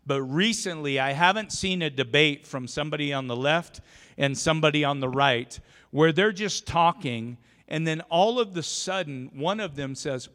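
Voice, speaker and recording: A man's voice: on the high side, normal speed, fairly bright tone, long reverb tail. A male pastor delivering an emphatic, storytelling sermon full of restarts, recorded in a church. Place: church sanctuary.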